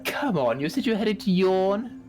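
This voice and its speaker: A man's voice: big pitch swings, normal speed, a little mellow, soft background music. Man doing a cooing sweet old lady. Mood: coaxing. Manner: high cooing sing-song voice. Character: sweet doting older woman in a wagon.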